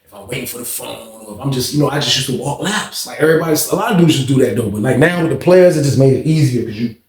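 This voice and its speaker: A man telling a prison story in a casual, slangy, animated way. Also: medium pitch, fast, roomy sound, distant mic.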